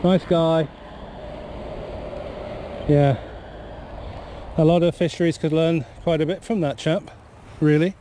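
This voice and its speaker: A chatty man with a cold, rambling cheerfully to the camera as he fishes. His voice sits a touch high, with faint wind noise from the riverbank in the background. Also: fairly even intonation, slow, pauses often, dark tone. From Cornwall. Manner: chatty, rambling, easily amused. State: has a cold. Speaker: fishing vlogger. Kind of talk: casual outdoor vlog narration. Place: windy riverbank outdoors in bad weather.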